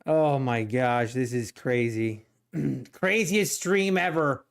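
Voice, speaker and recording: A man hosting a live day-trading stream, excitable, laughing often and repeating himself. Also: medium pitch, slow, gravelly. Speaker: day-trading livestream host.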